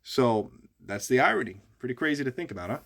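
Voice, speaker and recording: A man's voice: mid-range voice, expressive, quick pace, gravelly, a bit bright. Musing man with a mid-range voice. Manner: musing, hesitant, with frequent restarts and fillers. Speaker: religious practitioner (Olorisha). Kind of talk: reflective monologue to camera.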